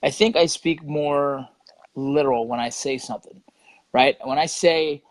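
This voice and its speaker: Laid back middle aged dude, cusses, lotta you know right, slightly high voice, dry mic. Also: male voice, a little slow, dry recording, rough recording. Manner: laid-back, swears, says "you know" and "right" a lot, acts out quotes. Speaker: guest. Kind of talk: casual interview chat.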